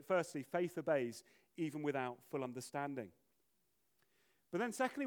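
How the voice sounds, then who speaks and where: A man preaching with a high, light voice. He is lively and animated, and he slips into the voices of the people in his story. The delivery is a sermon to a congregation. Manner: animated, acts out voices of biblical figures.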